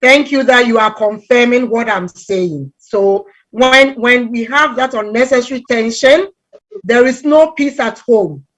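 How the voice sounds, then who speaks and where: A middle-aged woman from Ghana speaks in a fairly high voice, talking through family life in a relaxed, conversational way. She tells animated stories and acts out the people she quotes. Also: a little slow. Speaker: relationship talk guest speaker. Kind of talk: conversational talk on relationships.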